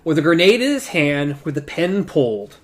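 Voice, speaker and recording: A man's voice: a little high, moderate pace. A man co-hosting a casual book discussion podcast, reading passages and paraphrasing the characters with jokes. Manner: animated, paraphrases characters in jokey voices. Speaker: podcast co-host.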